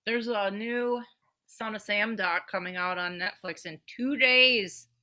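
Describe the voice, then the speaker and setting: A woman's voice: medium pitch, a little slow, sharp tone. A woman co-hosting a podcast, reacting bluntly and dryly in casual chat. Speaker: podcast co-host.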